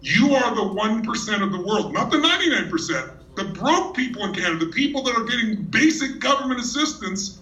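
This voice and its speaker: A man speaks from the stage in a large hall, his voice ringing with reverb and heard from some distance. His delivery is energetic and emphatic, the manner of a motivational speaker holding a crowd. The tone is bright and forceful, set fairly high. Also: brisk, lo-fi sound. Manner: energetic storyteller, teasing and emphatic. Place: large hall with a live audience. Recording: echoey hall from far off.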